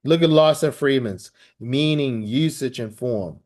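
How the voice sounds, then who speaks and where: A man lecturing a language class at a middle pitch. He keeps asking the student questions, repeating himself and restarting phrases as he explains. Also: measured pace, darkish tone. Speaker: teacher.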